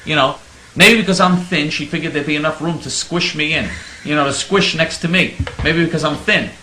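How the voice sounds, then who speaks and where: A man's voice: on the high side, brisk, pushed and bright, reverberant, a little hiss or hum, poor audio. A man hosting a talk radio show, telling stories in a mock-naive, sarcastic way. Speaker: radio host.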